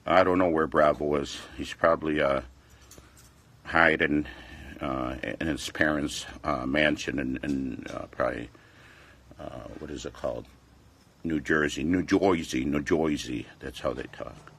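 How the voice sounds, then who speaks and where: Man in his forties, deep voice, rambling vlog chat, repeats himself. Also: fairly even intonation, a little slow, vocal fry, fairly bright tone, slightly rough. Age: 40s. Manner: rambling, repeats phrases, defensive. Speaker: fitness vlogger. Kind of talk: casual livestream chat.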